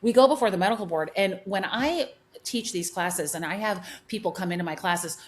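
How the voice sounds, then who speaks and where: A woman's voice: medium pitch, a little fast. A middle-aged woman, a hairdresser and educator, telling stories emphatically in a podcast conversation, with many restarts and repeats.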